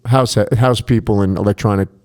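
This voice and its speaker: Male club DJ, podcast guest: casual, swears a lot, animated storyteller. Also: on the low side, fairly quick. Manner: profane, animated anecdotes with quoted dialogue.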